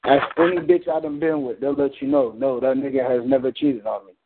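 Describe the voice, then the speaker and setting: A man's voice: medium pitch, steady tone, fairly quick, noisy background. A man on a community call, telling a story in a blunt, heated, profane way. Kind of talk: casual storytelling. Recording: phone-like call audio.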